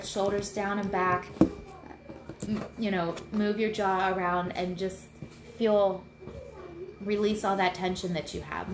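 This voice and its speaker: A woman in her thirties talks casually on a live video from home, chatty and a little rambling. Her voice sits at a middle pitch and picks up the roomy echo of the space around her, with a faint hum of room noise behind it. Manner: chatty and rambling, self-deprecating. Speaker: host sharing mindfulness tips. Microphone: computer mic.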